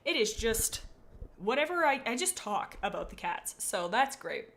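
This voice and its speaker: A woman's voice: on the high side, sing-song, normal speed, fairly bright tone. A young woman streamer chatting playfully and dramatically while rating viewers' pet cats, rambling with silly asides. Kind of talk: casual livestream chat.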